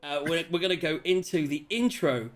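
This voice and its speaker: A man hosting a tabletop role-playing stream, chatting excitedly and rambling with many restarts. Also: a little high, normal speed, soft background music. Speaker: host and player character. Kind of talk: casual chat opening a tabletop game stream.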